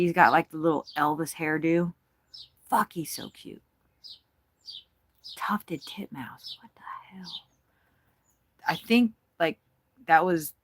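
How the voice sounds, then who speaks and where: A woman's voice: low-pitched, dry recording. Chatty giggly woman with a dry sound. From United States. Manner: chatty, giggly, swears freely. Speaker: bird-watching vlogger. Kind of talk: casual running commentary. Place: RV at a campground.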